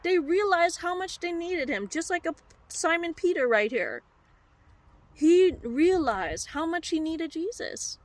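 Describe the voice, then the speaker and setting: A woman preacher telling a story in a sermon, animated and heartfelt, speaking straight to her listeners. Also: extremely high pitch, measured pace, dry recording.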